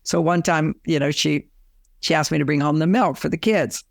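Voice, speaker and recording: An older man, a relationship author, giving advice in an interview and telling lively anecdotes with both sides acted out. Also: on the high side, moderate pace, gravelly, no room sound, studio quality. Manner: animated storyteller, acts out both sides of his anecdotes. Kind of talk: storytelling interview talk.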